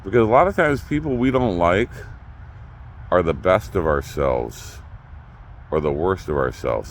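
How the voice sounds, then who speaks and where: A middle-aged man hosting his own channel, ranting unscripted to the camera, blunt and profane, swinging from loud outbursts to low muttering. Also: a little hiss or hum. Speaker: YouTube channel host.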